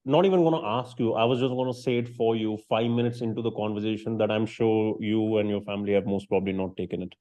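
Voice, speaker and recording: A man hosting a casual podcast conversation, interjecting with quick reactions and questions. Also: on the low side, fairly even intonation, dark tone. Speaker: podcast host.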